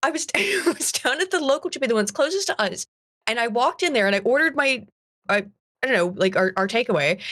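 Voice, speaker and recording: An American woman chatting casually on a livestream, animated and laughing often, trailing off and restarting. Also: on the high side, quick pace. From United States. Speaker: stream co-host.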